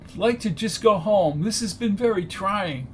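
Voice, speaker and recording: A man reading a hard-boiled detective story, voicing a distressed young woman client in a shrill, clipped, defensive voice. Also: expressive, moderate pace, a little mellow, a little hiss or hum, natural voice. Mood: upset, shrill.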